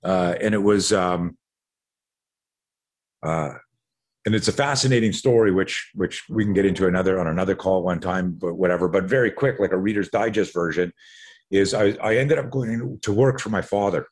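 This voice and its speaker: A deep-voiced man at a moderate pace, he is a Canadian in his sixties guesting on a podcast. He tells stories with energy, mimicking other people's lines and repeatedly echoing words mid-sentence.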